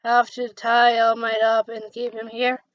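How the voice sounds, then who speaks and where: A woman voicing a teasing adult heroine who acts like a sister, in a halting, stumbling read-aloud on a dull, dry recording. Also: on the high side, completely flat delivery, no echo, close to an everyday voice.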